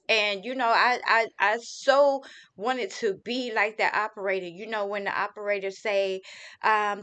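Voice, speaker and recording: A woman's voice: mid-range voice, steady tone, measured pace, sharp tone, smooth. A middle-aged woman giving a heartfelt personal testimony as a grieving mother, talking casually with many "you know" fillers. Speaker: grieving mother telling her story.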